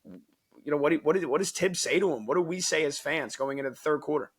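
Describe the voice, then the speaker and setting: A man's voice: on the high side, quick pace, husky. A man co-hosting a sports podcast, chatty, enthusiastic and teasing in his banter. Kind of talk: casual sports chat.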